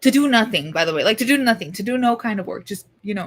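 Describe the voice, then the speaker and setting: A woman's voice: mid-range voice, lively intonation, fast talker, a little hiss or hum. A young woman vlogger talking casually to her camera, rambling, swearing and mocking herself.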